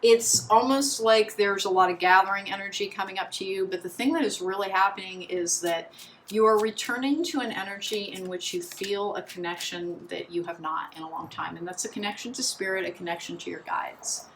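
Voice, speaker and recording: A woman's voice: medium pitch, fairly quick, a bit bright, a little hiss or hum, rough recording. A woman doing a pick-a-card tarot reading in a chatty, meandering way, full of restarts and fillers. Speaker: tarot reader.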